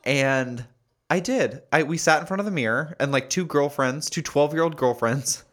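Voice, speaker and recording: A man's voice: fairly high pitch, brisk, fairly bright tone. A man co-hosting a podcast, teasing and giggling through casual chat. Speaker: podcast co-host.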